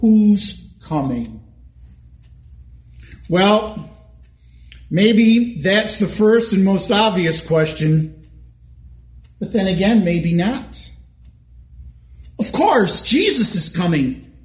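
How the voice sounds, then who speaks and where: A male pastor preaching a sermon in a church, measured and emphatic, asking rhetorical questions. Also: high voice, sing-song, reverberant.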